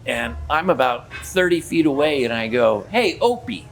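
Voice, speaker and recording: Speaking at a normal speed in a mid-range voice, an older man recounts stories from his work as a theme park character performer. It's a casual interview, and he animatedly acts out the dialogue.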